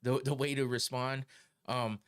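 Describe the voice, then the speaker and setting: A man's voice: medium pitch, flat delivery, measured pace, smooth. A middle-aged man hosting a podcast, ranting heatedly and swearing a lot, with frequent laughs. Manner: profane, heated, laughs often. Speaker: podcast host. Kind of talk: casual opinion rant.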